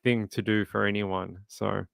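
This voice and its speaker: Chatty man, smooth dry voice. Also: lowish voice, little pitch movement, unhurried, a bit bright, no echo. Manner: conversational, sympathetic, reads chat aloud. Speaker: true crime livestream host. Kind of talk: casual livestream chat, reading viewer comments.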